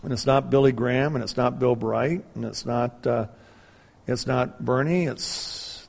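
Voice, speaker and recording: A man's voice: medium pitch, little pitch movement, measured pace, creaky. A man preaching a sermon, earnestly retelling a survivor's story with quoted dialogue before turning to scripture. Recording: long hall reverb.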